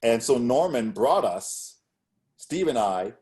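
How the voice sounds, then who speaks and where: A middle-aged man tells stories with energy in a relaxed interview. His voice sits at a middle pitch, and he acts out the quotes in his tales with sudden lively turns. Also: slow pace. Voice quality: animated storyteller, acts out quotes. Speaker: guest speaker. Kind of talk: casual interview storytelling.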